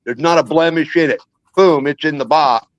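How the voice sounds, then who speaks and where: A man's voice: on the high side, moderate pace, no room sound. A man telling rambling, jokey stories in a casual chat as a guest. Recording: dull lo-fi dry sound.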